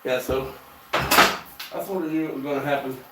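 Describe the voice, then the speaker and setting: A man's voice: mid-range voice, fairly even intonation, moderate pace. Folksy man talking shop in echoey workshop. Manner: folksy, drawling shop talk with fillers. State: out of breath. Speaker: shop host. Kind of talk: casual shop-talk livestream. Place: home workshop. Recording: echoey shop with faint noise.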